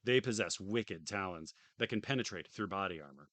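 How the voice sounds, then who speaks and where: A man's voice: low voice, expressive, fairly quick, fairly bright tone, dry recording. A tired man streaming from home, reading a game manual aloud on a close desk mic and tossing in dry joking asides. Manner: dry, joking asides between read passages.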